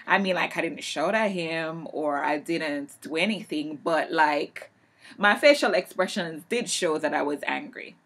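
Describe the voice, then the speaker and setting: A woman vlogging a heated rant about her teaching job, her voice bright and ringing. She tells the story emphatically, climbing louder and higher whenever the anger comes back. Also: unhurried. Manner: emphatic storytelling, swings loud and high when heated. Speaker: English teacher. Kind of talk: vlog rant.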